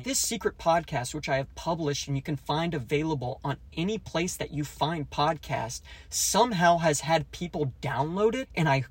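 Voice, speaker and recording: A man's voice: a little high, slightly rough, no room sound. A man hosting a solo movie review podcast, ranting and joking in a mock-secretive way, acting out quoted lines in a raised voice. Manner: jokey, ranting, mock-conspiratorial. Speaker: podcast host.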